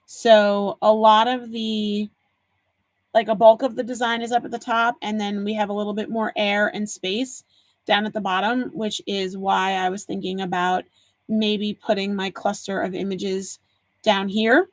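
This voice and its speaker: This woman in her forties runs a live stream where she does a craft project, tells stories, and casually answers viewers. She talks unhurriedly in a mid-range voice with little pitch movement, and there's no echo.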